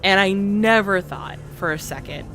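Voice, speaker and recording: A woman casually narrates her gameplay for viewers and to herself at a moderate pace, her medium pitch carrying lively intonation and a fairly bright tone. Game music and sounds sit under her voice, along with a little hiss or hum.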